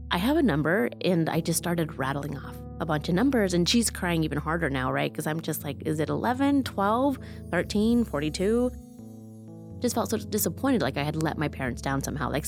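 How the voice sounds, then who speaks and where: A young woman from Mexico telling her life story candidly in an interview, with a conversational delivery full of acted-out quotes. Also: sits low. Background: music.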